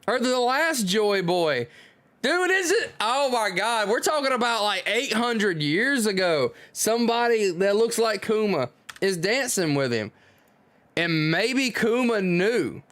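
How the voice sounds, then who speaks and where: A man streaming a live manga reading, reacting out loud with excitement and musing as he reads. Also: high-pitched, no echo. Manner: excitable, exclaims and muses aloud.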